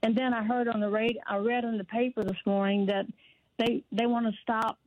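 A woman's voice: on the high side, level tone, fairly quick. An older woman calling in to a radio show, talking earnestly in long run-on thoughts. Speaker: caller. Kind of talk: call-in radio. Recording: dry tinny phone line.

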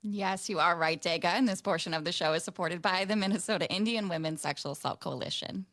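A woman's voice: fairly low pitch, fast, a bit bright, dry recording. A woman co-hosting a community radio show, chatting casually and backing up her partner. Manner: affirming, supportive interjections. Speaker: radio co-host. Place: radio studio.

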